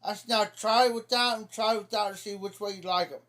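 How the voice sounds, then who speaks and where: A man's voice: high-pitched, fairly even intonation, fast talker, bright, forceful tone. A middle-aged man from Ohio telling rambling folksy stories on a casual livestream, repeating "I said" as he goes. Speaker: livestream host. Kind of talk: casual storytelling chat.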